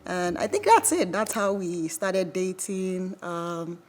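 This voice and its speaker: A woman's voice: fairly low pitch, slow. A woman, telling stories about her husband in a documentary interview and acting out the quotes. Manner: lively storytelling, acts out quotes. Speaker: wife.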